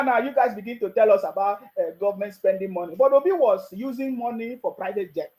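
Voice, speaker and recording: Nigerian guy with a really high voice, mocking and laughing through his commentary. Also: warm tone, poor audio. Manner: mocking, laughs often, repeats phrases. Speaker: political commentator.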